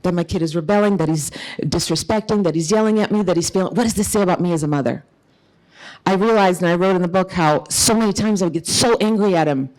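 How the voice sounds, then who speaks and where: A woman's voice: on the low side, fast, a little mellow. A middle-aged woman giving an earnest, emphatic conference talk as an author, telling a personal story. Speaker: author and speaker.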